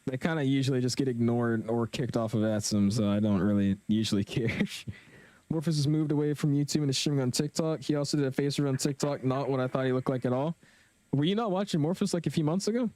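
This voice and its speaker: A young man casually commentating his flight simulator live stream, chatting with viewers in a relaxed, slangy way. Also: mid-range voice, fast talker, no room sound. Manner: laid-back, chatty, slangy, reads chat aloud.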